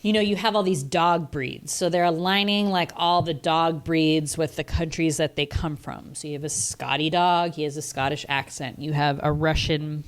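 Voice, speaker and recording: A woman's voice: low-pitched, steady tone, moderate pace, few pauses. A woman co-hosting a podcast, talking over a film in casual chat and thinking aloud as she goes. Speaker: podcast co-host.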